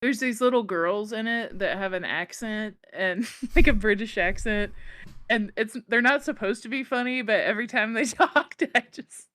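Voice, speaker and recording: A young woman co-hosts a podcast in loose, casual chat and laughs easily. Her voice is smooth and clean, and the recording is dry and close, with no room sound. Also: a little high, moderate pace, a bit bright, no room sound. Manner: laughs often, easygoing. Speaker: podcast co-host.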